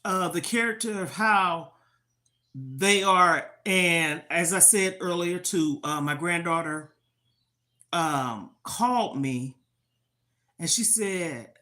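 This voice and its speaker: A woman's voice: fairly low pitch, expressive, takes it slowly, bright, forceful tone. Frank older woman talking to viewers. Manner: frank, preachy, repeats "okay?" often. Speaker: livestream host. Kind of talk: casual livestream talk to viewers.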